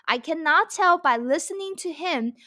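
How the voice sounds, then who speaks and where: High, bright-voiced woman teaching Mandarin. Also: lively intonation. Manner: slow, repeating phrases for learners; mixes English explanation with Mandarin examples. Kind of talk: language lesson explanation.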